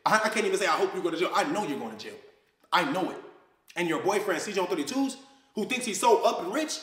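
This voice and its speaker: A man's voice: high-pitched, very animated, fast talker, a bit bright, echoey room. A man on a clip, ranting in a heated, accusing way and throwing around slang as he calls someone out. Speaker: social media personality. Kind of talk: confrontational rant to the camera.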